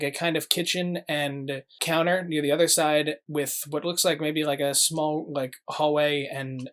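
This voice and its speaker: A man narrating as game master of a tabletop game, rambling with many fillers. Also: on the high side.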